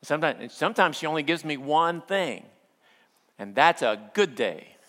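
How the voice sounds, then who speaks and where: A middle-aged male pastor preaching a sermon, telling stories with playful humor and acting out quotes, then slowing down for earnest points. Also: fairly high pitch, big pitch swings, sharp tone. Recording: long hall reverb.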